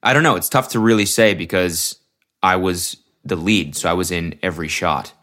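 A man's voice: low voice, moderate pace, a bit bright. A young man hosting his own podcast alone, rambling in a laid-back, self-mocking way into a mic while wearing headphones. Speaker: podcast host. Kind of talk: casual solo podcast chat. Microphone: headphones on, studio mic.

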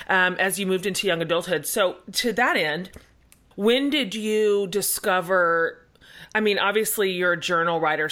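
A woman hosting a casual interview, enthusiastic and quick to laugh and affirm her guest. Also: mid-range voice, sharp tone. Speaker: podcast host.

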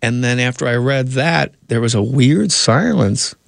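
A man's voice: medium pitch, expressive, unhurried, gravelly, no echo, clean studio sound. A man, a comedian and actor, telling rambling anecdotes in a casual interview, often cutting himself off.

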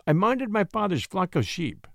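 A man's voice: high-pitched, sing-song, normal speed, vocal fry, no echo, studio quality, voice pushed up, exaggerated voice. A man voicing an earnest young shepherd poet who speaks with respectful ardor.

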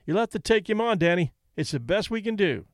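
A man's voice: high voice, sing-song, moderate pace, no echo, clean studio sound, pitched above the performer's own voice. A man reading an audiobook, voicing a pushy male fight promoter with an urgent, coaxing manner. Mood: pleading.

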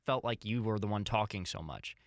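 A man's voice: fairly low pitch, no echo, studio quality. A young man from Southern Illinois co-hosting a comedy podcast, teasing and stopping to restart his sentences. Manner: halting, restarts often, teasing. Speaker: podcast co-host. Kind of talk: casual comedic podcast banter.

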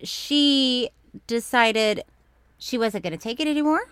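Animated woman telling a story. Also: fairly high pitch, measured pace, clear, resonant tone, no room sound. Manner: animated storyteller, breaks into loud laughter. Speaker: podcast co-host. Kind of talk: casual chat.

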